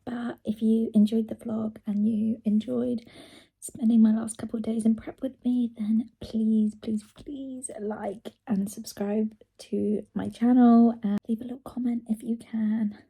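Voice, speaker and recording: A woman's voice: on the high side, level tone, a little slow, gravelly, mellow, breathy edge. A tired, out-of-breath young woman, chatting casually to camera in a vlog and partly whispering. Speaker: fitness vlogger.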